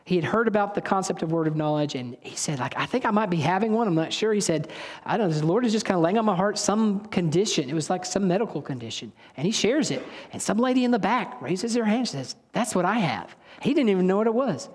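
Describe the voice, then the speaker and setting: A man's voice: high-pitched, lively intonation, quick pace. A man preaching a sermon in a casual, storytelling way, often stopping to correct himself. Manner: conversational, storytelling, self-correcting. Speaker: pastor. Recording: long reverb of a hall.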